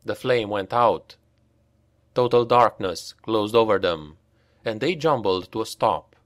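A man narrating a dark fantasy audiobook in a grave, unhurried storytelling voice, on a close mic. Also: on the low side, no room sound. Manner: unhurried, grave storytelling that lifts for shouted dialogue.

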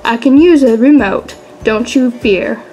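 A woman's voice: on the high side, unhurried, mellow, faint music behind, close to an everyday voice, low-quality recording. Woman reading as a courteous rhyming cat. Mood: polite. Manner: courteous, speaks in rhymes. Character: polite rhyming male house cat.

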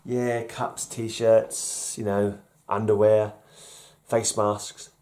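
A man's voice: lowish voice, flat delivery, extremely slow, darkish tone, slight background noise. Chuckling, rambling man. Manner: rambling, chuckling, self-deprecating. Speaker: vlog host. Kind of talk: casual solo vlog chat.

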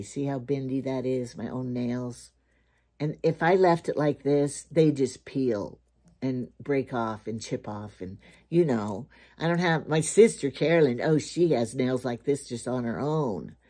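An older woman chats to the camera in a rambling, homey way, hopping between her groceries, a joke and her nails. Her voice is mellow and soft-edged. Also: very deep voice, a little slow. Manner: rambling, chatty, jokey. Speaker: vlogger. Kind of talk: casual chat to camera.

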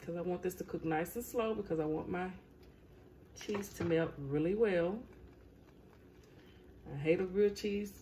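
A woman with a Southern US accent hosting a casual cooking vlog, chatty and quick to laugh at herself. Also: lowish voice, mellow, a little hiss or hum. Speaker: cooking show host.

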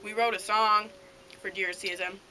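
Woman doing deadpan rural hunter guy. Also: mid-range voice, moderate pace, soft background music, lightly acted, rough recording. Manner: deadpan rambling storytelling. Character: dim cheerful male rural deer hunter. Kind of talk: improvised comedy sketch.

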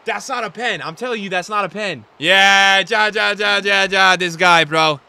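A man streaming a football video game, talking to his chat in slangy, repetitive commentary that jumps from shouting at the referee to low muttering. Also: moderate pace, vocal fry, clear, resonant tone, faint music behind. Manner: swings between shouted outbursts and low muttering; slangy, repeats himself. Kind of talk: live gameplay commentary.

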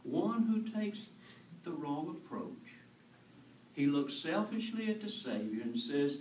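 A man's voice: on the high side, very animated, takes it slowly, darkish tone, a little hiss or hum. A male pastor preaching an earnest, conversational sermon, asking his congregation questions. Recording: echoey church from far off.

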